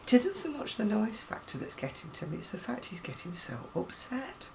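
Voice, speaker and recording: A middle-aged woman talks casually to camera in a gravelly, creaky voice. She rambles from one story to the next and breaks into ranting asides. Faint background hiss sits under her voice. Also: mid-range voice, big pitch swings, normal speed. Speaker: crafting vlogger.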